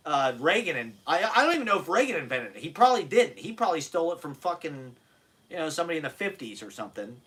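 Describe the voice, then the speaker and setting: A man's voice: on the high side, big pitch swings, fast talker, fairly bright tone, slightly rough. A man in his forties from the United States, rambling in a self-deprecating, profane monologue and laughing often, at times drifting away from the mic.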